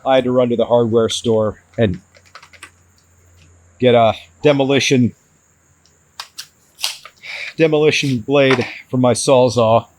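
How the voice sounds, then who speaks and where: A man vlogging his van build to the camera, frustrated and hard on himself, with halting restarts. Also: mid-range voice, steady tone, a little mellow, slight background noise, poor audio. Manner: frustrated, self-critical, talks in restarts. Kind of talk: casual DIY vlog talk to camera.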